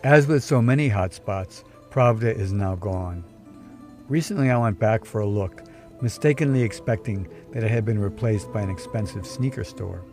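A man narrating a scripted first-person story in a dry, wry, measured way. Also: lowish voice, music in the background. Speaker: podcast storyteller.

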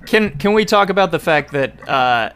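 A man's voice: fairly high pitch, animated, moderate pace, a bit bright, slight background noise. A man co-hosting a casual podcast chat, rambling and full of fillers. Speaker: podcast co-host.

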